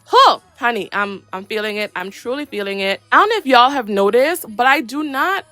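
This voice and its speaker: A woman talks through her wash day in a casual, playful voice-over, full of sassy slang. Her voice sits on the high side. It is recorded close on a dry mic. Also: expressive, fairly quick, pushed and bright, no echo. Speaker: hair care vlogger.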